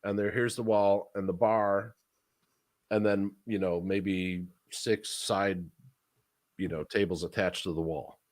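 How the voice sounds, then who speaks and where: A man's voice: low-pitched, takes it slowly, no room sound, clean studio sound. A man telling a long story in casual chat as a podcast co-host, swearing freely and acting out the other people's lines. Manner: profane, animated storyteller acting out quotes.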